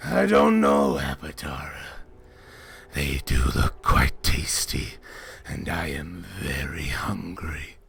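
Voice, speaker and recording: A man voicing a huge, smug, hungry monster that speaks slowly and menacingly. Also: fairly even intonation, creaky, fairly bright tone, breathy edge, exaggerated voice. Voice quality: deep, slow, smug.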